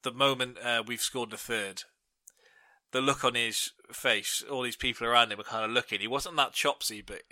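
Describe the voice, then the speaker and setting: A man's voice: mid-range voice, moderate pace, dry recording. A young man chatting casually as a podcast co-host, telling stories and laughing often. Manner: laughing storyteller, animated in quoted bits. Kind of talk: casual chat.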